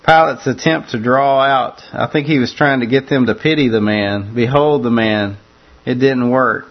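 A man's voice: medium pitch, moderate pace, dull audio. A man preaching a conversational sermon that walks through a scripture passage, often repeating words as he restarts his phrases.

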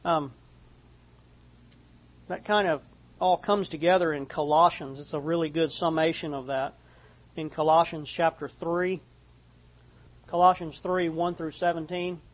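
A man preaching a sermon, reading Bible passages slowly, then repeating and explaining them. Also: a little high, steady tone, dull audio. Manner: reads scripture slowly, then restates and explains it. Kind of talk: slow expository Bible teaching.

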